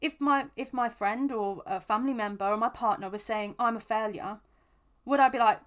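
A woman with a slightly raised pitch talks through a self-help episode as the podcast host. She speaks gently and earnestly, often restarting or repeating words as she thinks aloud. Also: normal speed. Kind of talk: reflective self-help talk.

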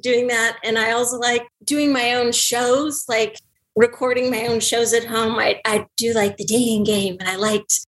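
A middle-aged woman talks as a guest in a casual interview, bubbly and quick to laugh. Her voice sits fairly high for a woman. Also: steady tone, low-quality recording.

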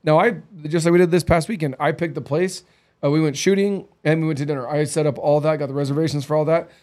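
A man's voice: fairly high pitch, steady tone, fast talker, a little mellow. A man in his thirties co-hosting a casual chat, telling candid stories with lots of acted quotes. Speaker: podcast co-host.

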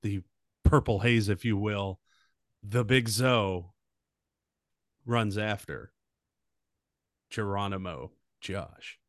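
A man's voice: on the low side, slow, pauses often, dry recording, studio quality. A man running a comedic tabletop game as game master, narrating in a playful way. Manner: playful storyteller, jumps into voices.

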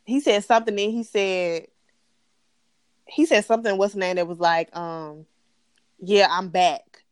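Ranting about a TV show she's recapping, a female podcast co-host is blunt, animated, and profane. Her mid-range voice is clear and resonant at a moderate pace, recorded in studio quality with no echo.

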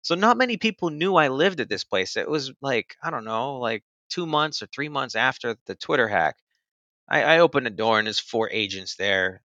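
Here a man of medium pitch tells his own story at a moderate pace, expressive and sharp-toned, rambling casually with plenty of "like" and "you know." The track has no room sound and its highs are cut off.

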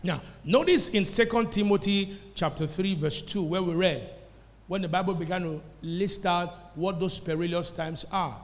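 A pastor with a high male voice preaches at a moderate pace to his congregation, speaking emphatically and calling for responses. The church service is captured in an echoey hall.

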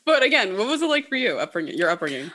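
Woman, low-ish bright voice, very lively intonation; animated, filler-heavy casual storyteller. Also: very fast. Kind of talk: casual chat.

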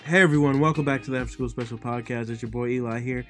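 A man's voice: medium pitch, steady tone, fast talker, faint music behind. A young man hosting a podcast, chatting casually and teasing his co-hosts. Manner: joking, loud teasing. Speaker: podcast host.

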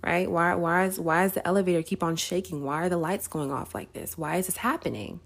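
Lively storytelling woman, faith podcast. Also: on the low side, brisk, slightly rough. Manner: conversational, storytelling, laughs often, says "right?" a lot. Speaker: podcast host. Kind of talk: casual faith talk.

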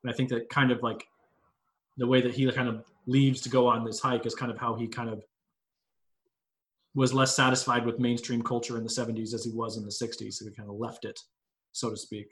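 A man's voice: mid-range voice, flat delivery, brisk, rough recording. A man in his late twenties talking in a casual group discussion, telling rambling personal stories. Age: late 20s. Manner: rambling, anecdotal storyteller. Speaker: panelist.

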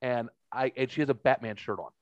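A man's voice: mid-range voice, fairly quick, dry recording. 40s guy rambling thru a story, swears a lot, dry dead room, kinda dull lo-fi sound. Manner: rambling, profane, acts out quoted voices. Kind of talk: casual storytelling chat.

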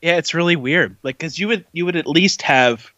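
A man's voice: fairly high pitch, moderate pace, sharp tone, no room sound, lo-fi sound. Joking, rambling podcast co-host man. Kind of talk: casual chat.

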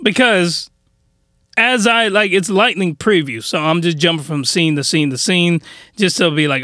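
High-voiced slangy young man. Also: normal speed, dry recording, studio quality. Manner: slangy, animated, mock outrage. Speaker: anime reviewer. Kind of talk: comedic recap.

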